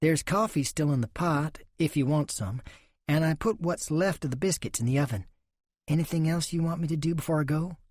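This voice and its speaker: A man's voice: fairly high pitch, fairly quick, a little mellow, no room sound, studio quality, pitched above the performer's own voice, lightly acted. A man voicing a shy, polite young farm woman.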